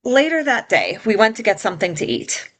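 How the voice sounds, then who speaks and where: A woman's voice: medium pitch, huge pitch swings, fairly quick. A middle-aged woman telling a painful personal story as an interview guest, in an earnest, heartfelt way.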